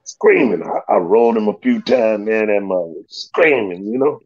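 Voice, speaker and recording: A man tells stories in loose, slangy casual talk, his voice gravelly and swinging widely in pitch. The sound is dry and a bit dull, like a lo-fi recording. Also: normal speed, no room sound. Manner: animated, loose slangy storytelling with big pitch jumps and laughs. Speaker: guest storyteller. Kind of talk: casual storytelling.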